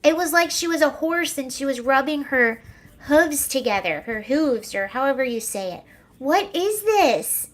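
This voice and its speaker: Hosting a laid-back livestream, a young woman talks at normal speed in a high-pitched voice, chatting sarcastically, laughing frequently, and responding to viewer comments.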